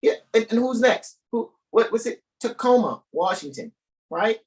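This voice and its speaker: Man, livestream host, very lively pitch, emphatic, incredulous outbursts, profane. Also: normal speed, a crowd in the background, poor audio. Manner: profane, keeps asking "right?". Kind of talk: animated livestream talk.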